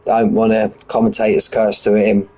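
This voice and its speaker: A man's voice: on the low side, flat delivery, normal speed, dark tone, poor audio. A man giving live race commentary in a chatty, rambling, jokey way. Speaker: sim racing commentator.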